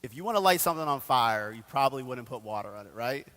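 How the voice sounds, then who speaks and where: Man, pastor, casual animated sermon, bright voice, reverberant church hall. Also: mid-range voice, fast. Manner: casual, animated storytelling with slang. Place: church sanctuary.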